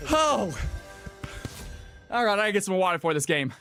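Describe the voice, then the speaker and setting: Excitable high-voiced male streamer. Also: slow pace, soft background music. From California. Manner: excitable, shouts and cheers at chat. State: out of breath. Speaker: streamer hosting viewer games. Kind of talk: live-stream hype commentary.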